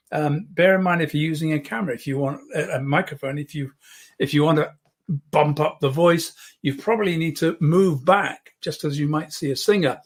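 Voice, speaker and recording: A man teaching an online public speaking lesson, demonstrating as he goes and often dropping to a soft voice close to the microphone. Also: fairly high pitch.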